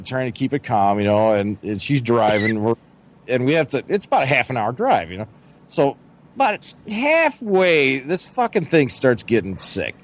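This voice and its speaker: A man's voice: mid-range voice, vocal fry. Casting: middle-aged guy, gabby swearing podcast co-host, loose storyteller. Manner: profane storytelling, lots of "you know". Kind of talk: casual chat.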